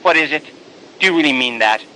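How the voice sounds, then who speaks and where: Man voicing a bitter young brother, higher pitched, sharp and worked up. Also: lively intonation, fast, rough recording. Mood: indignant. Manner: indignant, pleading, raised voice.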